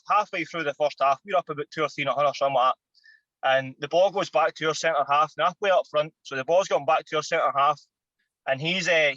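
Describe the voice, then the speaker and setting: A Scottish man in his thirties, a former footballer and podcast guest, telling an animated, sweary anecdote. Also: on the high side, dry recording, muffled recording. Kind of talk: casual storytelling.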